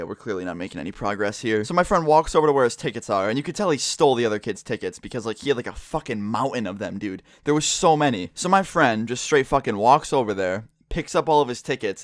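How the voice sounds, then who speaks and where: A man's voice: medium pitch, fast, few pauses, no room sound. Casual, swearing young man telling a story. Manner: casual, heavy swearing, many "like" fillers. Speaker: vlogger. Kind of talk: storytime vlog.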